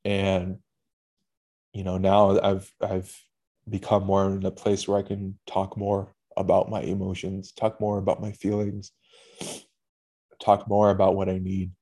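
A man with a low, mellow voice speaks in a steady, even tone. He talks as a podcast host in a personal monologue, halting and candid, with casual swearing. He sounds emotional throughout.

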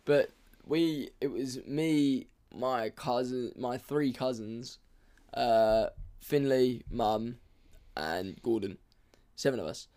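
A man's voice: medium pitch, slow, mellow. A young man in a casual, playful chat, swearing and laughing often.

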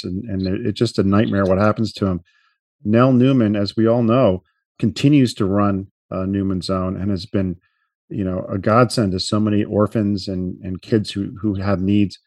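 A man's voice: on the low side, moderate pace, a little mellow, no room sound. A man co-hosting a car podcast, chatting casually and reacting with emphatic enthusiasm. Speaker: podcast co-host. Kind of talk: casual chat.

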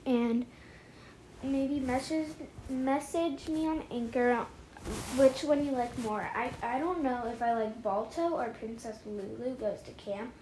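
A woman's voice: on the high side, steady tone, measured pace, dark tone, slight background noise, poor audio. A woman reading a children's picture book aloud for her podcast, then chatting about it in a gushing way and repeating herself. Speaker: podcast storybook reader.

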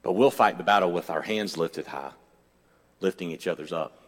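A man's voice: deep voice, moderate pace. A man pastor preaching a sermon, moving from conversational storytelling with jokey asides to fervent, repetitive declarations. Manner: self-deprecating jokey asides. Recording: long reverb of a church hall.

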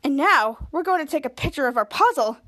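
Woman doing a calm practical mom. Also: high voice, brisk, no echo. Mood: matter-of-fact. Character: soothing suburban mom, practical.

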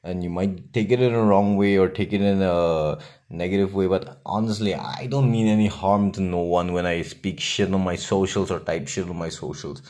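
A young man with a Nagaland accent, a native Nagamese speaker, hosting a solo podcast in a blunt, profane, defiant way with long pauses. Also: sits low, a little mellow. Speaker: podcast host.

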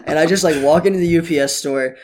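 A young man telling a story in casual chat, animated and laughing as he goes. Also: fairly high pitch, quick pace, a little hiss or hum.

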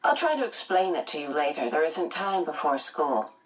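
A woman voicing a calm mother who speaks in a steady, gentle, reassuring way. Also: sits low, moderate pace, recorded from a distance, rough recording.

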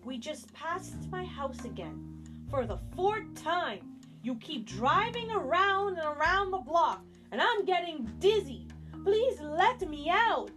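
A woman's voice: high-pitched, big pitch swings, slow pace, over music, full character voice. A woman voicing an anxious male walrus passenger in a storybook, pleading to be heard and let out. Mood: fretful. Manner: pleading, fretful.

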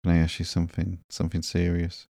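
A man reading the lines of a remorseful young ex-henchman in a comic, hesitant and earnest, in a low, gravelly voice. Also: monotone, fast, dark tone, dry recording, studio quality. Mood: earnest, guilty.

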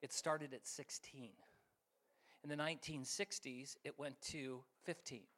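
A middle-aged man preaching a sermon as guest speaker, telling stories with lively acted-out voices and sudden shifts between loud and soft. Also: medium pitch, unhurried. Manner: animated, acts out voices, jumps between loud and quiet. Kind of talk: sermon with storytelling.

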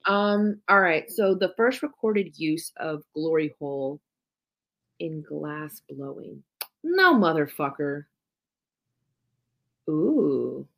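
A woman's voice: low-pitched, slow pace, creaky, pauses often. A woman co-hosting a podcast, telling stories casually and swearing freely. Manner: swears freely, animated storytelling. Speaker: podcast co-host. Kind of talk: casual chat.

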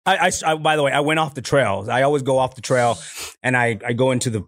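A man's voice: medium pitch, fast, a bit bright, no echo, clean studio sound. A man from Laredo, Texas, casually telling a story on a podcast, swearing freely and acting out voices. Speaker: podcast guest, comedian.

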